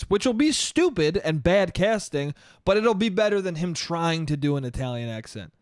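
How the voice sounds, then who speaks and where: A man's voice: fairly high pitch, smooth, dry recording, studio quality. A man hosting his own podcast, talking alone in a rambling, profane way and calling everyone "dude". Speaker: podcast host. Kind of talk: casual solo podcast monologue. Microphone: studio podcast mic.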